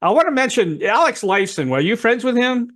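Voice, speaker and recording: Host on a video call: high, lively male voice, quick to laugh. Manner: laughs often, brief reactions. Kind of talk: casual interview chat.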